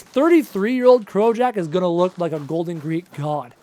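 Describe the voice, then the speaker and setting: A man in his late twenties with a high, light voice, talking casually to his chat during a gaming live stream. He answers their questions aloud and cracks self-mocking jokes. His voice is wearing out from hours of talking. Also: expressive, normal speed, a little mellow. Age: late 20s.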